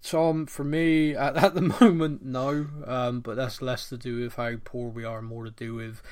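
A man's voice: mid-range voice, level tone, a little slow, darkish tone, smooth. Laughing Bristolian man hosting a chat. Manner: reads listener questions aloud, laughs often, self-deprecating. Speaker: podcast host. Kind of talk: casual podcast chat.

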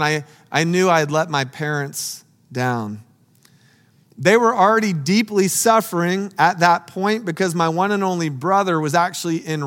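A man preaching a sermon in a slightly high voice, earnest and emphatic. He takes his time with unhurried, dramatic pauses. His voice rings with the long echo of a large hall. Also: a bit bright.

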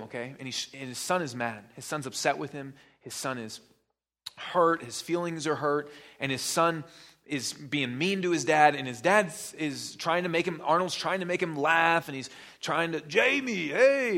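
Man preaching a relaxed, joking sermon. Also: medium pitch. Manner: conversational, joking asides to the congregation. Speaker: pastor.

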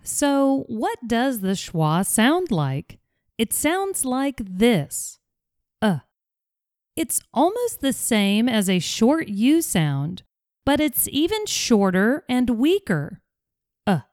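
A woman hosting a scripted English pronunciation podcast, modeling sounds slowly and carefully. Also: fairly high pitch, big pitch swings, a little mellow, no echo, clean studio sound.

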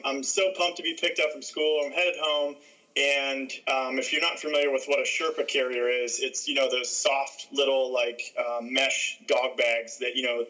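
A young man, a guest, telling a childhood story in a lively, laughing way. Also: medium pitch, low-quality recording. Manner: animated, laughing through the story. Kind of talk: casual storytelling.

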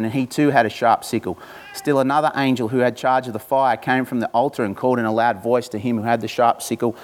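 Man preaching a sermon, slow deliberate scripture reading. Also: medium pitch. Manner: reads scripture slowly and deliberately, then talks informally to the congregation. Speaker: pastor.

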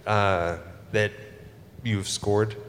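A man moderating a convention panel, asking long, halting questions with fan enthusiasm. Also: fairly low pitch, fairly even intonation, a bit bright. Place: large convention stage hall. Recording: reverberant hall, faint noise.

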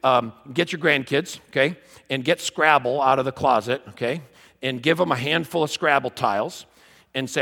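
A man giving a humorous teaching talk to a live audience, an animated and self-mocking storyteller. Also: medium pitch, moderate pace, creaky. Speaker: conference speaker. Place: large conference hall. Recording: long hall reverb.

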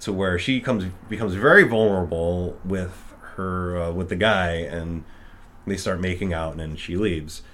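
A man's voice: sits low, unhurried, fairly bright tone. A man casually retelling a film's plot with many fillers, often acting out the characters' lines. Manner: rambling, full of fillers, acts out quotes. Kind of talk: casual film recap chat.

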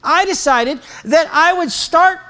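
A man's voice: very high-pitched, slow pace, bright, forceful tone. A middle-aged man, a pastor, giving announcements and a sermon in a church in a casual, joking way. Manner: casual, chatty, self-mocking humor. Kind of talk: sermon with announcements and a personal story. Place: church sanctuary.

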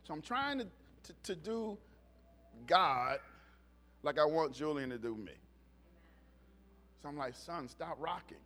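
This pastor's voice is slightly high and fairly bright, with lively intonation, a somewhat slow pace, and frequent pauses. He gives a folksy, conversational sermon at a church service, exchanging quips and amens with the congregation and getting louder as he tells funny stories.

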